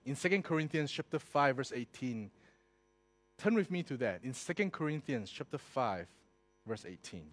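A man preaching a sermon, telling stories with animated swings from loud to hushed. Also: mid-range voice, normal speed. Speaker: pastor.

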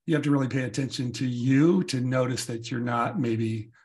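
A man's voice: medium pitch, moderate pace, darkish tone. An American man hosting an interview podcast, affable, often agreeing and laughing. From United States. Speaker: podcast host. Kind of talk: casual interview chat.

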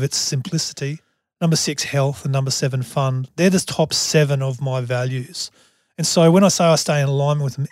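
A man's voice: fairly high pitch, darkish tone, no echo. Earnest man with a dry close sound. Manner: earnest, repeats words as he restarts. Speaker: podcast host. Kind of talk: motivational podcast talk.

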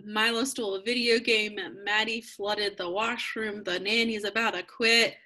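Husky woman with wry plot recaps. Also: mid-range voice, fairly even intonation, normal speed, bright, forceful tone. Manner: wry, laughing asides while summing up the plot. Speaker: podcast co-host. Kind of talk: casual movie recap chat.

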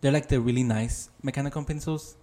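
A man co-hosting a podcast over a video call, rambling through jokey stories with plenty of swearing. His voice sits at an ordinary middle pitch for a man, and he talks in a loose, chatty way. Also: fairly even intonation, fast talker, warm tone. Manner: swears a lot, rambling storytelling. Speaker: podcast co-host. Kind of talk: casual comedic chat.

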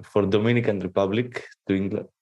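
A man with a Greek accent, co-hosting a podcast, reading news aloud in a halting way and stopping to joke. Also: fairly low pitch, fairly even intonation, a little mellow. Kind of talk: casual chat.

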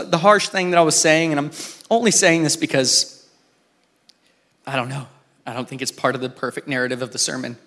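A man delivers a sermon like a chat, with a voice pitched a little high for a man. He tells the story in an animated way and acts out the characters' lines. His delivery stays informal, with small restarts. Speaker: pastor.

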